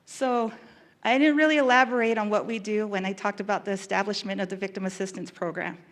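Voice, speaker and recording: A woman who works as a victim specialist giving an earnest, emotional talk, pausing and restarting as she goes. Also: mid-range voice, fairly even intonation. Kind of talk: public talk.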